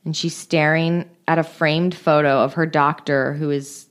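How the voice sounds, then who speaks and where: A woman chats casually as she recaps a movie scene by scene. Her voice sits a little low, and she leans on filler words as she goes. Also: flat delivery, unhurried, smooth. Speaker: podcast co-host. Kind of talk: casual chat recapping a film.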